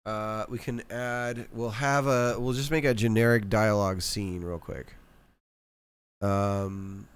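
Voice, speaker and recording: A man streaming live, talking through his code in a low-key, self-mocking way. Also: fairly even intonation, slow pace, clean tone. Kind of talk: live coding commentary.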